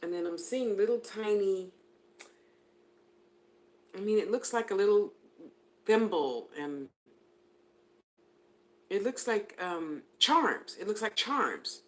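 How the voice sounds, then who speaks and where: A woman doing a live psychic reading, talking casually and giggling as she goes. She calls out viewers by name and chats with them directly. Her voice sits at an ordinary middle pitch. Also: lively intonation, slow, long pauses. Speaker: spiritual reader.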